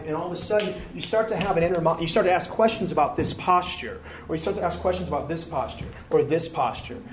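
A man in his thirties from Detroit, a comedian and actor, telling animated stories in a candid live interview. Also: a little high. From Detroit, USA. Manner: animated storytelling with frequent restarts and laughs. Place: live interview before an audience. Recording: echoey room, faint ambient noise.

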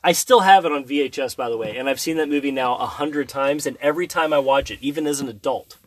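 Man, thirties, casual podcast chat, animated storyteller, acts out scenes, mid-pitched voice, dry close sound. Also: quick pace, no room sound.

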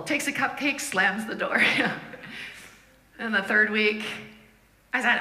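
A woman preaching a sermon as a lively storyteller, laughing often and acting out the voices of people in her stories. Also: medium pitch, normal speed, reverberant.

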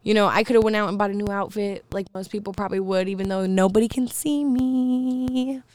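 A woman's voice: medium pitch, fairly even intonation, brisk, darkish tone, dry recording. A young woman chatting casually as a podcast guest, laughing often and swearing freely. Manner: laughing, swearing, loose and playful. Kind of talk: casual chat.

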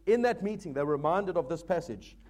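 A man's voice: on the high side, expressive, fairly quick, a little mellow. A man preaching a sermon as pastor, earnest and exhorting, often addressing the congregation as folks.

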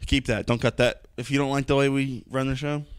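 A young man co-hosting a loose, profane podcast. He swears freely and jumps in over his friend's lines. His talk is casual and quick to joke. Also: medium pitch, fairly even intonation, clear, resonant tone, dry recording. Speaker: podcast co-host.

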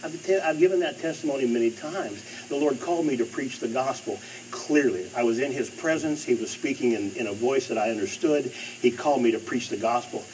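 A man's voice: mid-range voice, brisk, hardly any pauses, darkish tone. Male preacher, sermon, emphatic repetition, distant mic, faint hiss. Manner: emphatic, repeats phrases for stress.

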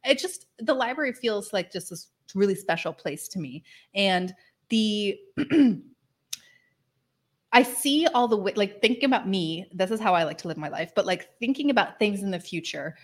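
This is a chatty woman talking in a relaxed podcast conversation, her voice sitting at an ordinary middle pitch. She rambles eagerly, peppering her sentences with "like" and breaking into laughs. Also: normal speed. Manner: chatty and enthusiastic, heavy use of "like" fillers, laughs often. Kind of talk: casual chat.

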